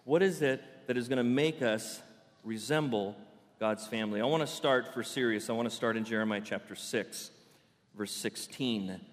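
A man preaching a sermon to a congregation in a playful, animated storytelling way. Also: medium pitch, moderate pace, long reverb tail. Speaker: pastor. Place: church sanctuary.

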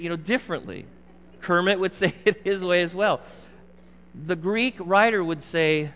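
Middle-aged male pastor, slightly high voice, emphatic conversational sermon, muffled recording with long hall reverb. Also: moderate pace, a bit bright. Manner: conversational, emphatic preaching with asides to the congregation.

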